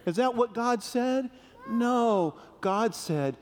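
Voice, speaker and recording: A man giving a playful children's sermon, telling a story gently and asking the kids questions. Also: very high voice, animated, takes it slowly. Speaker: pastor leading a children's message. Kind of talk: children's sermon with call-and-response. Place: large church sanctuary. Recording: long reverb of a big sanctuary.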